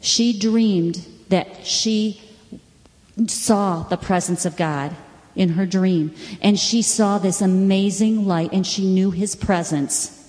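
A woman's voice: medium pitch, slow. Earnest woman teacher in an echoing hall. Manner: earnest storytelling, quoting scripture, with bursts of excitement. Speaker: Bible teacher. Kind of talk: personal testimony in a teaching. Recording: long hall reverb.

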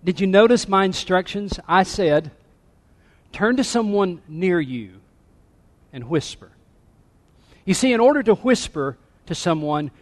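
A fairly high-voiced man preaches to his congregation, swinging between near-whispers and emphatic calls. His voice rings through a church sanctuary with a long reverb tail. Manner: dynamic, drops to a hush then rises to emphatic. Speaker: pastor. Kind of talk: sermon.

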